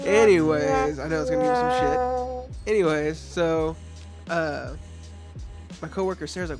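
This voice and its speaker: A man with a high voice tells a story in loose, profane podcast banter. He laughs often as he tells it. Faint music plays underneath. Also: moderate pace. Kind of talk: casual storytelling chat.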